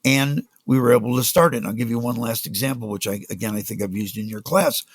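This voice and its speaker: An older man, a music business guest on a podcast, telling animated stories and acting out the people he quotes. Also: mid-range voice, fast, breathy edge, dry recording. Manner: animated anecdotes, acts out quoted voices. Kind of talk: storytelling in a casual interview.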